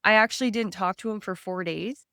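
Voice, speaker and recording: A woman's voice: mid-range voice, fairly quick, fairly bright tone, no room sound, studio quality. A woman from Canada, a stress and anxiety coach, talking earnestly in an interview and explaining with everyday examples. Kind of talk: conversational interview.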